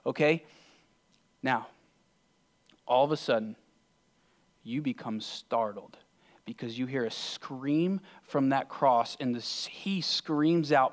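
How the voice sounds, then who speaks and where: Earnest man preaching, loud then hushed. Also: medium pitch, takes it slowly, pauses often. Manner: earnest, swings from loud urging to hushed near-whispers. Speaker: pastor. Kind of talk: sermon. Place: church sanctuary.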